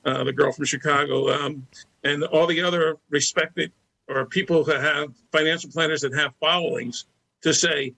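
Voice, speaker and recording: A man speaking as a panelist in a discussion, eager and quick to jump in. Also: a little high, fairly even intonation, creaky, pushed and bright, rough recording.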